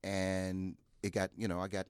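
Deep-voiced man telling stories in a dry room. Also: normal speed, smooth, no room sound. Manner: animated storyteller, jumps high acting out quoted voices. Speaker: podcast guest. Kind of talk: casual storytelling.

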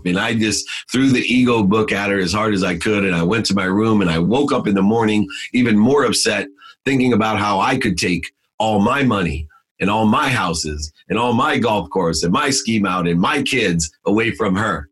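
A man's voice: lowish voice, normal speed, a bit bright, breathy edge. A middle-aged man telling his life story in an emphatic, motivational way, in short punchy phrases. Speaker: guest.

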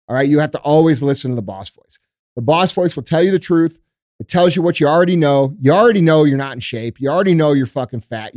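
A man's voice: fairly high pitch, darkish tone, no room sound, studio quality. A male podcast host giving a blunt, profane motivational talk in a casual, emphatic way.

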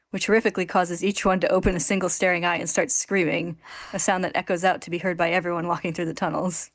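A woman's voice: lowish voice, no echo, clean studio sound. A woman hosting a podcast, retelling a manga chapter in a wry, sarcastic way with casual laughs. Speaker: podcast host recapping a manga. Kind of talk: casual recap narration.

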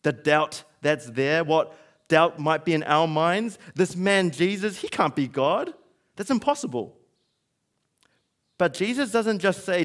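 A man's voice: on the high side, expressive, unhurried, fairly bright tone. A man preaching a sermon in a conversational style, acting out quotes as he goes.

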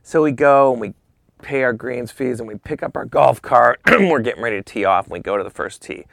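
A man casually telling a long, animated story on a podcast, dropping into whispers for asides. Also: mid-range voice, a little fast, gravelly, dry recording, clean studio sound.

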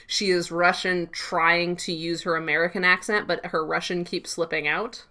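A woman's voice: lowish voice, steady tone, moderate pace, pushed and bright. A woman co-hosting a podcast, chatting casually and laughing as she recaps a TV episode. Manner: laughing, recapping with playful quoted voices. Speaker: podcast co-host.

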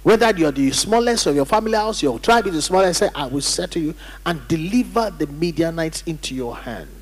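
A man's voice: on the high side, lively intonation, fairly quick, breathy edge. A man preaching a sermon as pastor, emphatic, calling on the congregation to read and repeat after him. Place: church hall during service. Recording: church hall reverb.

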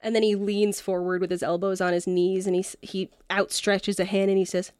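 A woman's voice: mid-range voice, flat delivery, brisk, darkish tone, clean tone, no echo, clean studio sound. A woman narrating as game master in a casual, loose tabletop session. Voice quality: casual, filler-heavy narration.

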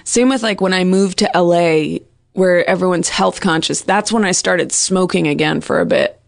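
A woman comedian with a low, husky, gravelly voice talks through a rambling monologue on her show. She is sardonic and self-deprecating. The recording is dry and close to the mic. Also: normal speed, dry recording. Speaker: comedian hosting a podcast.

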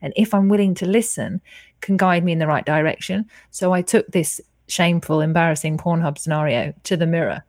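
A woman's voice: on the low side, brisk, darkish tone, no room sound, clean studio sound. A woman, telling her personal story frankly and earnestly as a podcast guest over a video call, swearing freely.

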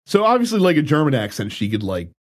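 A man's voice: a little high, huge pitch swings, fast. A man co-hosting a casual gaming podcast, laughing often in loose banter. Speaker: podcast co-host.

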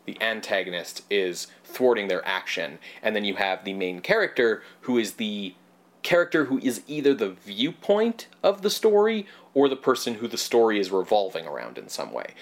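A man co-hosting a casual film podcast, thinking out loud in long, looping sentences. His voice rises and falls in lively swings as he gets caught up in his points. He curses offhandedly. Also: on the low side, normal speed. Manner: rambling, animated, swears casually. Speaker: podcast co-host.

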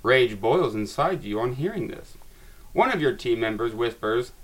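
A man's voice: medium pitch, animated, moderate pace. Man narrating a tabletop adventure. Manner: dramatic narration, laughs at himself. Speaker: narrator and reader of a tabletop game. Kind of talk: reading a game's story text aloud to friends.

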